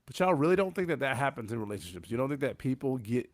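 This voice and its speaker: A man's voice: mid-range voice, very animated, fast talker, no room sound. A man hosting a casual group podcast, prodding his guests with question after question. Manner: prodding, asks many questions. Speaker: podcast host.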